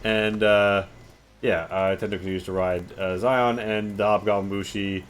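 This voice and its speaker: Male game master, relaxed and rambling, lowish voice, faint background noise. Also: moderate pace. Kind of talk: narrating a tabletop game.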